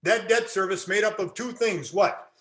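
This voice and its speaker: A man's voice: high-pitched, moderate pace, a bit bright. A man lecturing a classroom, quizzing his audience and answering his own questions with folksy jokes. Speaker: real estate instructor.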